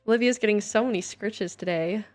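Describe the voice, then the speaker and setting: A young woman live-streams from home, joking and poking fun at herself while she plays and reads her chat out loud. She speaks fairly quickly in a mid-range voice, with faint music in the background.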